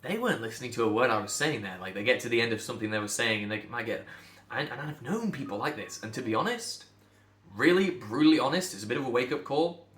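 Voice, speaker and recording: A man from England, a speech coach, talking bluntly and emphatically to camera, sometimes building to loud outbursts. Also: medium pitch, lively intonation, fast talker, echoey room.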